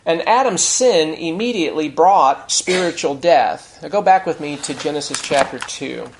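A man's voice: on the high side, expressive, background noise. Man preaching a conversational sermon. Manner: conversational teaching with fillers and repeated restarts; slows down to stress key phrases. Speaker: pastor. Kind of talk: expository sermon.

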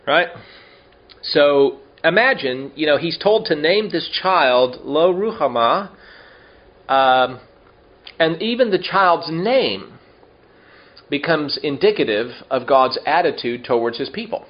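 A man's voice: a little high, expressive, dull audio. Man teaching a Bible study, chatty. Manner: explains Hebrew words slowly, with asides and questions to listeners.

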